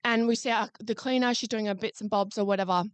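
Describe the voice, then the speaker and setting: A woman's voice: medium pitch, fairly even intonation, quick pace, dry recording. A young woman, co-hosting a podcast and recounting events in chatty, swearing casual talk. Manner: chatty storytelling, swears freely. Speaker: podcast co-host. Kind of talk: casual chat.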